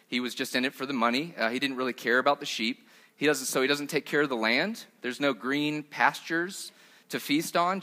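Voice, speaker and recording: Bright-voiced young man preaching. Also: mid-range voice. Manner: conversational preaching with frequent "uh" fillers. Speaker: pastor. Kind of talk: sermon.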